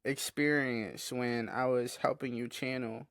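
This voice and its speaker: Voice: mid-range voice, steady tone, a little slow, no echo. Effusive host, dry close sound. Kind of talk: casual chat.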